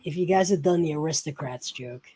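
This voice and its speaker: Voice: mid-range voice, a little fast, crowd noise, low-quality recording. A podcast co-host chatting casually, explaining a documentary with enthusiasm. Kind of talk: casual chat.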